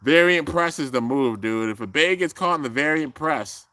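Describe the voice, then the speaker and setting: A young man hosting a live reaction, commenting excitedly and often breaking into loud exclamations. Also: a little high, moderate pace, no echo. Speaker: channel host reacting to an anime episode. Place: home room with a fan, traffic outside.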